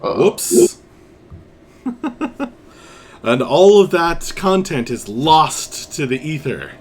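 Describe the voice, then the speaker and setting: A man narrating as game master of a tabletop role-playing game, unhurried and full of pauses and fillers. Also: a little high, big pitch swings, breathy edge.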